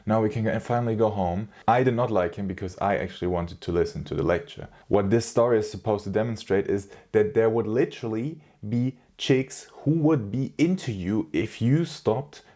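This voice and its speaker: A young man delivers dating advice in a loose, casual monologue, blunt and full of swearing and slang. His voice sits low and sounds warm and relaxed. He talks straight to the viewer like a friend. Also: moderate pace, few pauses. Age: young adult.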